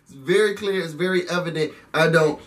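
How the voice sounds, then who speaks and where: A man giving a chatty, animated recap and rant to his viewers, calling them "y'all" as he talks. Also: a little high, brisk, far from the mic, background noise. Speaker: reality TV recap vlogger. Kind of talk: casual recap rant to camera.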